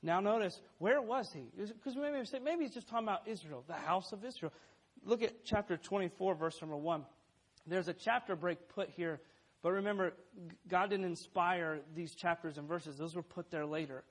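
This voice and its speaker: A man's voice: high-pitched, moderate pace, breathy edge. A man preaching a sermon in an emphatic way, laying out numbered points and quoting scripture aloud.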